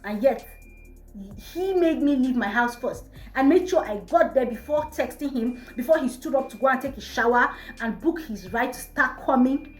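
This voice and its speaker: A young woman with a Nigerian accent, telling a storytime vlog in an animated, exasperated way. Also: high voice, normal speed. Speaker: vlogger. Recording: echoey room, faint music.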